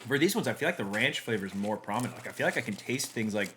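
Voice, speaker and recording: A young man co-hosting a snack-tasting podcast, talking in an animated, playful way and quick to joke. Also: lowish voice, a little hiss or hum. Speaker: podcast co-host. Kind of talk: casual snack-tasting chat.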